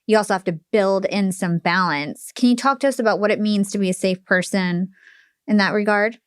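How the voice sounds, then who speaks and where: A woman's voice: mid-range voice, a little fast, clean tone, dry recording, clean studio sound. A woman hosting a podcast, asking questions in a casual way with lots of fillers. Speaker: podcast host. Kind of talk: conversational interview.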